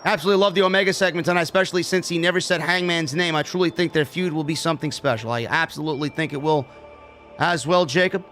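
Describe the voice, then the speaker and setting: A man hosting a live stream, his voice sitting a bit high for a man. He reads viewer donations aloud and answers them with offhand, swear-laced chatter. Faint guitar music plays underneath. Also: fast, a bit bright. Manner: casual, profane, reads donor messages aloud. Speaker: show host reading super chats. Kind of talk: casual live-stream chat.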